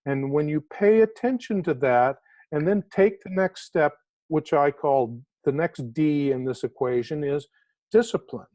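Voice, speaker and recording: An author speaks as a guest in an interview with a warm, mellow voice that sits a little high for a man. He tells stories with animated emphasis and drags out the words he wants to land. The sound is close and dry, with no room echo. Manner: animated storyteller, emphatic, slows down to stress key words. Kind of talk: inspirational interview storytelling.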